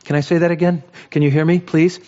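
A man preaching a sermon in an emphatic style, repeating phrases for emphasis and swinging between raised exhortation and low, quiet lines. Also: flat delivery, fast, big-room sound, muffled recording.

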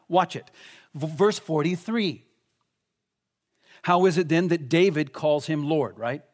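A man preaching a sermon with enthusiasm, swinging between loud exclamations and hushed whispers. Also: on the high side. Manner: enthusiastic, exclaiming over points.

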